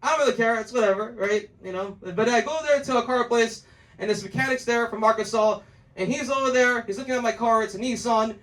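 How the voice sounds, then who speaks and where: A man's voice: very high voice, brisk, a bit bright, distant mic, poor audio. A man from the United States performing a stand-up comedy set on a club stage, telling loose, laughing stories with mocking put-on quotes.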